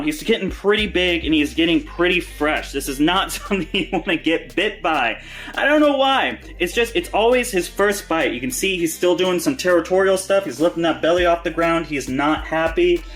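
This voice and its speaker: A man hosting a casual reptile-care vlog from a reptile room in his home, talking in an excitable, joking way. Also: high voice, normal speed. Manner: excitable and joking, yelps in pain when bitten. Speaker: reptile keeper and channel host. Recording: echoey room with faint music.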